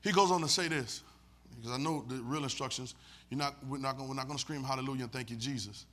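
A man preaching a sermon with folksy, laughing asides, leading call-and-response and swinging from quiet talk to shouts. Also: mid-range voice, fast. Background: congregation responding.

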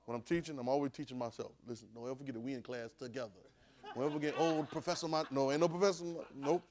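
A man preaching to a class in a loose, conversational way, often asking "right?" as he goes. He drops to a low murmur and then breaks into sudden loud bursts. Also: very fast, a crowd in the background. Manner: call-and-response, keeps asking "right?". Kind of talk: conversational sermon.

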